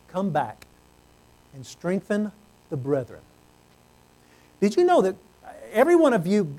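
A man preaching a sermon, earnest, swinging from loud exclamations to hushed low tones. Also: low-quality recording.

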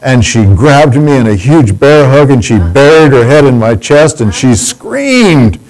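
A man's voice: mid-range voice, very animated, unhurried, darkish tone, poor audio. A man telling a personal story in a folksy, humorous, teasing way.

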